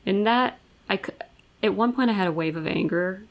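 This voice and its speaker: A woman's voice: medium pitch, moderate pace, poor audio. A young woman co-hosting a podcast, talking frankly and bluntly about a personal experience, swearing freely. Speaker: podcast co-host. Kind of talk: candid personal conversation.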